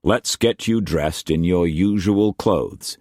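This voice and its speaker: A man voicing a strong middle-aged merchant with a Scottish accent, speaking low, slow and deliberate. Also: a little mellow, no room sound, studio quality. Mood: tender.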